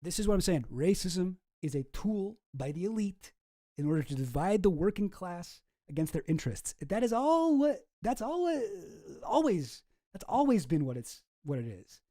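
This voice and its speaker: A man hosts a casual reaction commentary in a somewhat high voice, ranting profanely. His tone stays dark and mellow, and he breaks off and restarts his sentences often. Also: big pitch swings, normal speed. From Canada. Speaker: commentary host.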